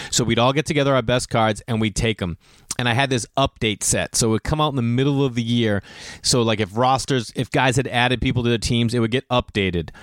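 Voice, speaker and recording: A man's voice: no echo, clean studio sound. Man telling rambling stories. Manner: rambling, self-deprecating, gets loud and high when excited. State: clearing his throat often. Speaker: podcast host. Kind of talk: casual storytelling chat.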